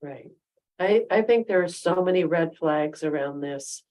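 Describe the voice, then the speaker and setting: A woman's voice: deep voice, measured pace, darkish tone. A woman co-hosting a podcast, speaking in casual chat with emphatic, firm disapproval. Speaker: podcast co-host.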